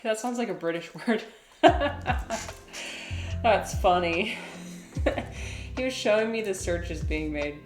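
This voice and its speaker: A woman's voice: medium pitch, lively intonation, takes it slowly, pauses often, roomy sound, soft background music. A woman chatting casually on a live stream, giggling and rambling with lots of fillers.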